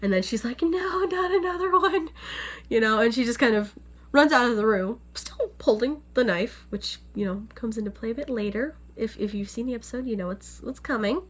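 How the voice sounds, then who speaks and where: A woman's voice: fairly high pitch, fairly quick. A young woman casually recapping an anime episode on camera, chatty and full of fillers. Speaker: anime reviewer. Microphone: on-camera setup.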